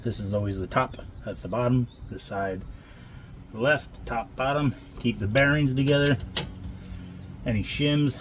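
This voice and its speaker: Breathless from the work, a home mechanic vlogger gives casual, self-deprecating commentary as he fixes his vehicle in an outdoor driveway garage. His mid-range voice runs a little slow, and the outdoor camera-mic recording has a slight hiss or hum.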